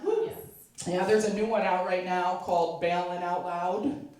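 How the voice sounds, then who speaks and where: A woman's voice: on the low side, steady tone, measured pace, darkish tone. A middle-aged woman doing a stand-up comedy set, chatty and self-mocking, laughing at her own jokes. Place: charity event hall. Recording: echoey room, mic far off.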